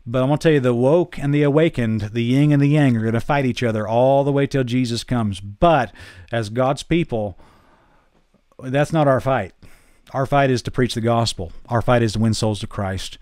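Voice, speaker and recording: Southern preacher guy, earnest casual talk, goes quiet on the big points, dry close mic. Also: moderate pace, clean tone, no room sound. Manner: earnest, drops low and quiet to stress points. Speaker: preacher and show host.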